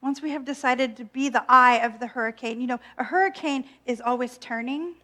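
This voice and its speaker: High-voiced woman giving a gentle sermon. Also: a little fast. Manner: gentle, reflective, with playful self-mocking asides. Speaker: minister.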